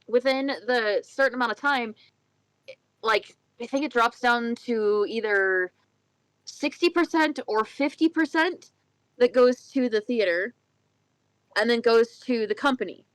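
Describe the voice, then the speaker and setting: A woman's voice: fairly high pitch, expressive, a little slow, long pauses, no room sound, rough recording. A woman co-hosting a casual chat show, rambling and correcting herself, slipping into a put-on Irish lilt. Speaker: podcast co-host.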